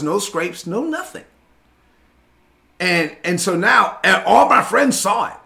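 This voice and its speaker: A man from Brooklyn and the Dominican Republic, a preacher telling his personal testimony in an animated way, often asking "right?". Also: on the high side, gravelly. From Brooklyn, New York and the Dominican Republic.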